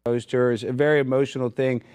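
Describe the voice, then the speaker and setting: Fast-talking male interviewer. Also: medium pitch, fairly even intonation, darkish tone, clean tone, no room sound. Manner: rapid, probing questions. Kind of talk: interview questioning.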